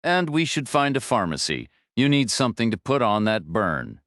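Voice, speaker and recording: A man voicing a gentle, teasing young woman. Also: medium pitch, big pitch swings, moderate pace, dry recording, studio quality.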